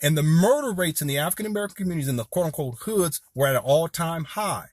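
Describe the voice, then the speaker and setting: Speaking directly to his audience as "y'all," this fortyish Southern Californian video commentator rambles through an impassioned rant. He's a little high-pitched, expressive, quick, and a little mellow, captured at studio quality without echo.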